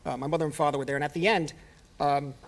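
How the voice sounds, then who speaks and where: Rapid-fire New man telling stories. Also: a little high. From New York. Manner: rapid, animated, laughing storyteller. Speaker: talk show guest, film director. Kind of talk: anecdotal storytelling. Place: television studio.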